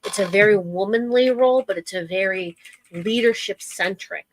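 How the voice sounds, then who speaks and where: A woman's voice: mid-range voice, moderate pace, a little hiss or hum, poor audio. A woman co-hosting a casual wrestling talk show, talking with gushing enthusiasm. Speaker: podcast co-host.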